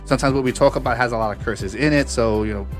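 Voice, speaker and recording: A man's voice: mid-range voice, quick pace, faint music behind. A man co-hosting a casual podcast chat, rambling with many fillers and restarts. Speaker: podcast co-host.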